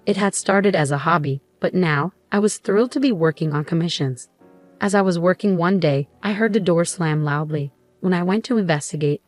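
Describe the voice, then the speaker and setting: A woman tells a first-person story in a composed, even way. Her voice sits on the low side. Quiet music plays underneath. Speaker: narrator.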